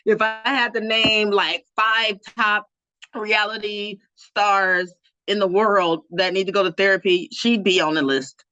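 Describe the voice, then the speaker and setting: A woman's voice: mid-range voice, level tone, measured pace, bright, forceful tone, no echo. Brash woman guest who laughs and swears a lot, dry dull lo-fi sound. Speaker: guest co-host. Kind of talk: casual gossip chat.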